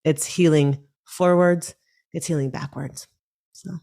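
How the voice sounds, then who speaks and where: A woman in her thirties speaking calmly and reflectively as a guest on a podcast interview. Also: sits low, measured pace, vocal fry. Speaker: guest, breathwork teacher.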